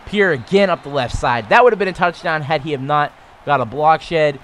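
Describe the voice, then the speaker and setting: A man in his twenties casually commentating on his own football video game, getting louder and higher on big plays. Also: fairly quick, slight background noise. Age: 20s. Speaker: gaming YouTuber.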